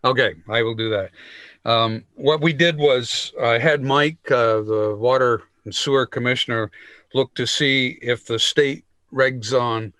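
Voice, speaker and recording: A man chairs a town meeting at a measured pace, often pausing with fillers. His voice is mid-pitched for a man, and the recording is dry with no room sound. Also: fairly bright tone, no echo.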